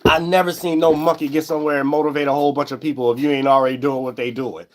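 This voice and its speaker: Man, vlogger, casual rant, fairly high voice, repetitive and animated. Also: racing. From Ohio, USA. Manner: animated and repetitive, often asks "you know what I'm saying?". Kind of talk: casual ranting commentary.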